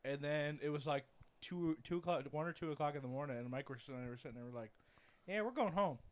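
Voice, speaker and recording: A man's voice: fairly high pitch, steady tone, fast, clear, resonant tone. A young man co-hosting a podcast, telling a story in rambling casual chat, often stopping to correct himself. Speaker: podcast co-host.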